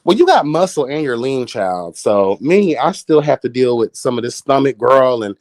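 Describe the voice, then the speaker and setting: Late 30s guy on a livestream, sassy and campy, dry close mic, medium pitch. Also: normal speed, dry recording. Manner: sassy, animated, campy exclamations. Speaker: livestream host. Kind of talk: casual chat with viewers.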